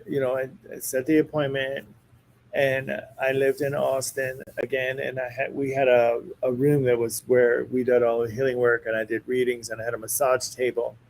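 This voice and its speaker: A man's voice: medium pitch, moderate pace, creaky, low-quality recording. A man, a psychic medium, telling a story in casual chat and acting out the lines of the people in it. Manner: animated storyteller who acts out quoted dialogue.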